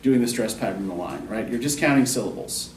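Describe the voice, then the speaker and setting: A man's voice: on the low side, animated, fast talker. Man lecturing in a roomy classroom. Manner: explains patiently, asks the class frequent questions. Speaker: college English instructor. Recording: roomy classroom from a distance with faint noise.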